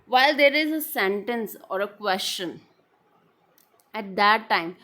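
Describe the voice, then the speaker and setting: A woman explains a literary term in a lecture, repeating her definitions and pausing on fillers. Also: medium pitch, animated, fairly bright tone. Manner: repetitive, restating definitions with frequent fillers. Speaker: literature teacher.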